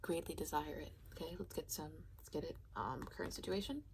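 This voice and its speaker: A woman giving a casual pick-a-card tarot reading, rambling and halting, sometimes dropping into a soft whisper. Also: low voice, gravelly, slight background noise, poor audio. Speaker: tarot reader.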